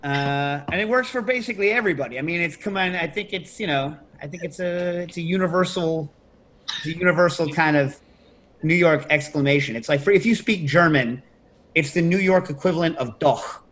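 A middle-aged man hosting a casual chat, telling stories with lively energy and jumping into loud, high-pitched imitations. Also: a little fast. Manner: animated storyteller, leaps to high shouted imitations. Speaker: podcast host.

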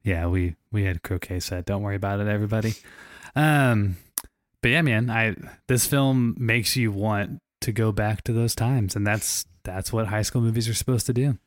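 A man in his late twenties co-hosting a podcast, reviewing a film in a relaxed, upbeat way with many pauses to think. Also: on the low side, no room sound, clean studio sound. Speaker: podcast co-host. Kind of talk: casual film review chat.

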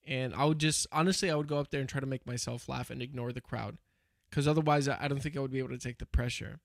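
A man's voice: mid-range voice, fairly even intonation, quick pace, vocal fry, no room sound, clean studio sound. A young man in casual podcast chat, telling stories in a rambling way with lots of fillers and restarts.

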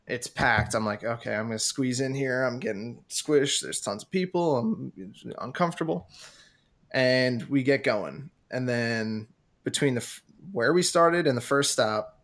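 A man chatting on a casual podcast, his voice sitting in the middle range. He gets animated as he tells the story and jumps up in pitch when he quotes himself panicking. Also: a little slow. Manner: animated, acts out his own panic in a raised voice. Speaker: podcast co-host.

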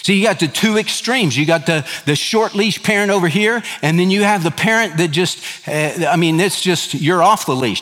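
Middle-aged male pastor, emphatic sermon delivery, fairly high voice, reverberant church sound. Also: moderate pace, a bit bright. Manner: earnest, emphatic preaching with repeated lists. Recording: hall reverb.

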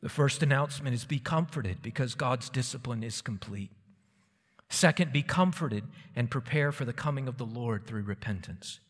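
A man's voice: mid-range voice, moderate pace, husky. A man preaching an earnest expository sermon, quoting scripture with emphasis. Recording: long reverb of a large hall.

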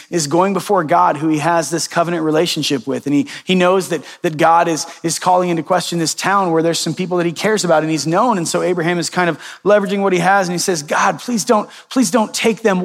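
A male pastor preaching a sermon, reading scripture and retelling it in a conversational way with lively quoted voices. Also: a little high, fast talker, vocal fry, in a large hall.

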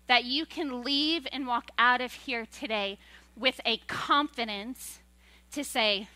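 A woman in her thirties preaches from a church stage in a bright, high voice, animated and chatty. She breaks into laughing asides and puts on voices for the people she quotes. The sound is close and dry. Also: no room sound. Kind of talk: sermon.

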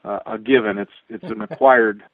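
A man's voice: on the low side, moderate pace, creaky, no room sound. Wry man telling stories on a tinny line. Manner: relaxed, wry, fond of self-deprecating humor, many fillers. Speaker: former astronaut guest. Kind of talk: storytelling anecdote. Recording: tinny dry phone-like line.

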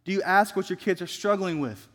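A young male student pastor delivers an earnest, exhorting sermon. His voice sits high for a man, and he slows down to lean on key phrases. A long reverb from a large church sanctuary trails his words. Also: a bit bright.

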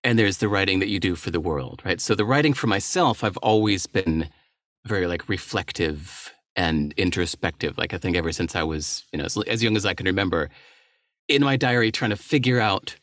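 A man's voice: low-pitched, animated, normal speed, a bit bright, no room sound, studio quality. A middle-aged man, a writer and entrepreneur, talking candidly and thoughtfully as a guest on a podcast. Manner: thoughtful, candid, with small laughs and restarts. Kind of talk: reflective interview talk.

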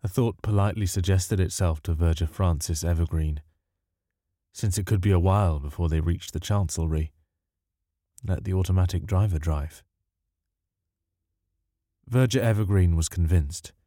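A man narrating a story in a calm, measured, dryly wry way. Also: low voice, no room sound, studio quality. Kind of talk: audiobook narration.

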